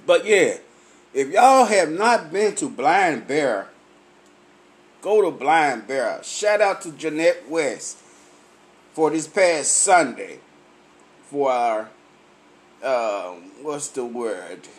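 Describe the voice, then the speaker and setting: A tipsy man, laughing often, on a loud and profane comic rant to his camera. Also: fairly high pitch, sing-song, slow, pauses often. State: tipsy from drinking. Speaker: vlogger.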